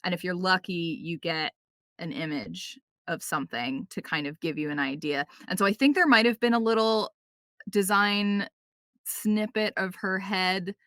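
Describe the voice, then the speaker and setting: A woman voice actor, a guest on a podcast, chatting casually and telling quick anecdotes with playful quoted asides and lots of "like" and "um". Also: lowish voice, fairly bright tone, dry recording, clean studio sound. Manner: frequent fillers like "like" and "um".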